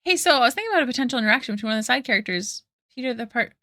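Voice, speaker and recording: A woman's voice: on the high side, animated, very fast, pushed and bright, dry recording, clean studio sound. A woman art streamer chatting casually with viewers while drawing, giggling often and thanking them effusively.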